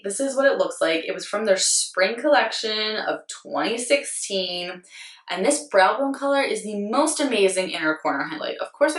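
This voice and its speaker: A woman in her twenties, a beauty vlogger, chatting casually about her favorite makeup with a slightly hoarse voice, rambling and poking fun at herself. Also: medium pitch, a bit bright, echoey room, recorded from a distance. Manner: chatty, rambling, self-deprecating, lots of "like". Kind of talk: casual product review.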